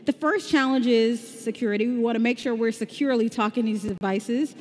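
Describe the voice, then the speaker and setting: A woman's voice: fairly high pitch, fairly quick, darkish tone. Woman with a slight Southern drawl presenting. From Southern United States. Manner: upbeat, conversational, explaining step by step. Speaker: tech conference presenter. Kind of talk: conference talk with live demo. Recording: long hall reverb.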